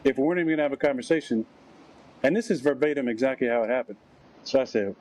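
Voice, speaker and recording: A man's voice: mid-range voice, a little fast, pauses often, a little mellow, rough recording. A man telling a story on a talk show, wryly acting out the dialogue he quotes. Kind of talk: anecdotal storytelling.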